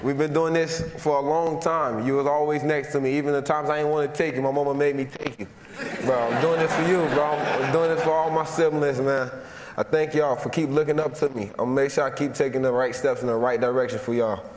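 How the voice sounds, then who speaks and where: A man in his twenties from Florida, giving an award acceptance speech from a stage in a large hall, heartfelt and halting, repeating himself as he holds back emotion. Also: medium pitch, fairly even intonation. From Florida, USA. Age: 20s. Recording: echoey hall with long reverb and faint noise.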